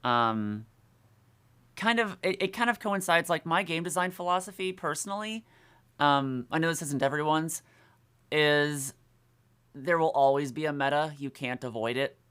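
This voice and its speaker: A bright, forceful voice in a relaxed podcast conversation, full of quick laughs and filler words. The speaker sits in the guest's seat, talking shop as a voice actor. The tone stays animated throughout. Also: mid-range voice, clear, resonant tone. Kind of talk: casual podcast chat.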